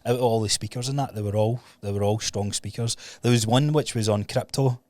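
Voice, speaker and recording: A young Scottish man with a lowish voice, chatting easily as a podcast guest. He swears in passing and keeps it relaxed. The recording is close and dry. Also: brisk, no echo. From Scotland. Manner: easygoing, swears casually. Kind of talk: casual chat.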